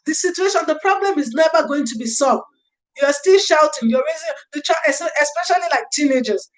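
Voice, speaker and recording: A woman hosts a casual livestream about early years parenting. Her voice sits high. She reads out viewer comments, thanks people by name, and gives earnest advice in which she repeats her key phrases. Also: animated, a little fast, low-quality recording. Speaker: livestream host.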